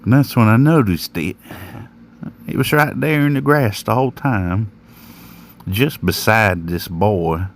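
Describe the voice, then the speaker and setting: A man's voice: fairly low pitch, a little slow, long pauses, a little hiss or hum. A man telling a first-person horror story in a folksy, plain-spoken rural manner. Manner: folksy, rural drawl with slang.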